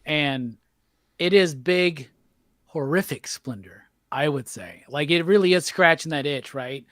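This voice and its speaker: A man's voice: fairly high pitch, a little slow, a bit bright, dry recording, clean studio sound. A man hosting a panel livestream about comics, chatting enthusiastically and handing the floor to his guests. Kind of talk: casual panel chat on a livestream.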